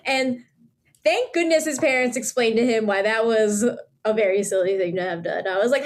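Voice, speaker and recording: A woman hosting a podcast in casual chat, retelling a story in an animated way, acting out characters and laughing often. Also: a little high, normal speed. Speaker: podcast host.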